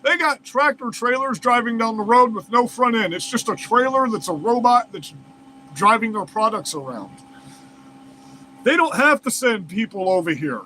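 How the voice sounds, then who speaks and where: A man's voice: high voice, animated, moderate pace, sharp tone, a little hiss or hum, rough recording. A man reads news aloud and breaks off into heated, profane, incredulous rants as a commentary host. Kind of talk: reading news aloud and ranting over it.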